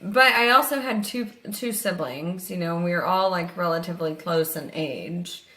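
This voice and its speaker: A woman's voice: lowish voice, moderate pace, pushed and bright. A young woman co-hosting a podcast, chatting casually and swearing freely while reading listener stories. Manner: casual, swears freely, laughs between lines. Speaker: podcast co-host.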